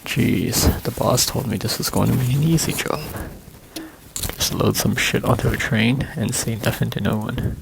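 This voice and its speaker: A jittery hired worker stammers out defensive excuses, as a man voices him. His voice is gravelly and mid-pitched. It has the sound of a game character caught out. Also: normal speed, background noise. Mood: grumbling. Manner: defensive, flustered pleading. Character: nervous male hired worker, jittery, evasive.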